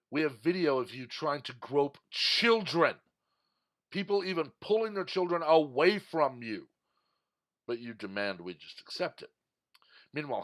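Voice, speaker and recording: A man from Texas, mid-pitched, holds forth in a heated commentary monologue. His delivery is indignant and emphatic, pressing his points hard as he rants. He sounds like a regular talking straight to his viewers. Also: fairly bright tone. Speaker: political commentator.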